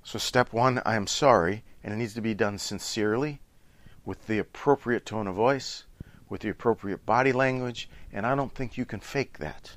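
A man's voice: lowish voice, moderate pace, no echo. A middle-aged man giving an earnest, instructive talk on relationships, coaching his listeners. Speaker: relationship speaker.

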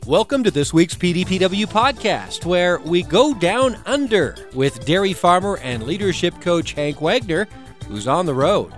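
A man's voice: high voice, big pitch swings, unhurried, soft background music. A man hosting a podcast and reading a scripted show introduction. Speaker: podcast host.

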